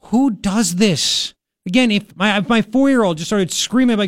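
A man hosting a talk radio show, mocking and sarcastic, with animated outbursts. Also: sits high, normal speed, no room sound, studio quality.

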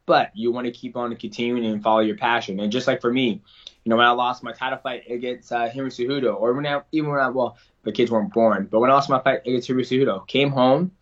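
A man's voice: medium pitch, fairly even intonation, fast talker. Casting: earnest male interview guest, casual and rambling, a little lo-fi.

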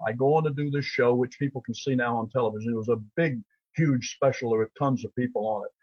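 A man's voice: medium pitch, breathy edge, dry recording. An older man, a character actor, telling rambling anecdotes on a radio show and acting out the voices of people he met. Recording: dull lo-fi line.

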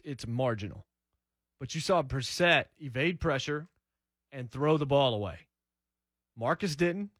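A man's voice: medium pitch, fairly bright tone, no echo, studio quality. Blunt sports radio host, man. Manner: blunt, emphatic, rhetorical questions. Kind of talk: opinionated sports talk radio monologue.

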